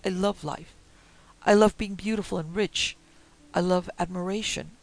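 A man's voice: a little high, moderate pace, vocal fry. A man voicing a desperate vain rich lady. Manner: pleading then commanding, raving. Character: vain, dying rich woman, desperate and imperious.

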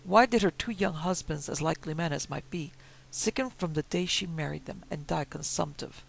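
A dignified older housekeeper who fires off indignant questions about the household's misfortunes, voiced by a man. The voice is gravelly and sits fairly high. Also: moderate pace, poor audio.

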